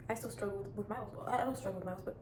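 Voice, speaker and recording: A woman's voice: mid-range voice, very fast. A teenage girl vlogging casual self-improvement advice, rambling and chatty with lots of restarts. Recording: echoey room with clear background noise.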